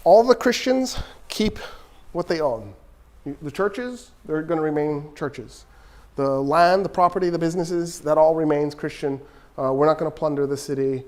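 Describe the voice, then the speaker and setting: A man voicing an older male caliph who negotiates calmly and firmly, speaking in a plain, matter-of-fact way. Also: a little high, normal speed, natural voice.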